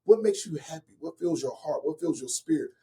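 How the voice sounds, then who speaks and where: Mellow-voiced man telling his story. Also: on the high side. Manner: slow and earnest, turning animated when telling funny stories. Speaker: guest, author and relationship coach. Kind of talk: reflective personal storytelling.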